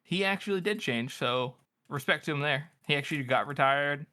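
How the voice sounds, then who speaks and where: A man's voice: a little high, moderate pace, pushed and bright. A man co-hosting a podcast, talking through his thoughts in a hedging way, full of "like" and restarts. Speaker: podcast co-host. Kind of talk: casual book discussion.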